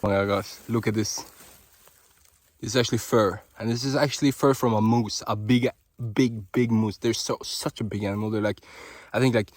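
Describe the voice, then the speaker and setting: A man's voice: on the low side, moderate pace, no echo. Gushing Norwegian-accented man outdoors. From Norway. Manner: excitable, gushing, rambling with lots of fillers. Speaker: vlogger. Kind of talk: casual walking vlog. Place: outdoors in a forest on a hot day.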